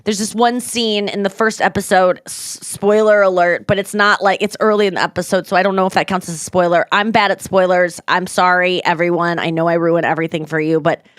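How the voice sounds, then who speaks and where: A woman's voice: lowish voice, fairly even intonation, clear, resonant tone, no room sound. Rambling woman hosting a comedy podcast. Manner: rambling, self-interrupting, quick to laugh. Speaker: podcast host. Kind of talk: casual comedy podcast chat.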